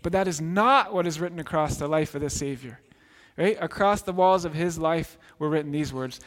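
A man preaching a sermon as pastor, earnest and emphatic, dropping softer on key phrases. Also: fairly high pitch, a little fast. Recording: long reverb in a large hall.

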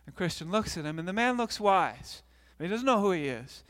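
A man preaching, then telling a story to kids in an animated way, acting out the characters. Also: high-pitched, normal speed, big-room sound. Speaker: pastor. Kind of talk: sermon and children's story retelling.

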